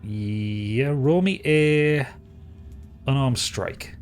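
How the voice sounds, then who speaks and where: A man's voice: mid-range voice, drawn-out words, a little hiss or hum. A British man running a tabletop game as game master, describing the scene in a loose, rambling way. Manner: loose, rambling, many restarts.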